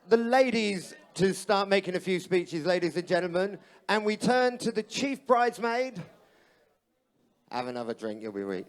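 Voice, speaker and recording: A man MCs a wedding reception, his voice very high. He calls the speakers up and urges the crowd to cheer for them. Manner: hypes the crowd, calls for noise. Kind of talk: crowd-rousing announcements.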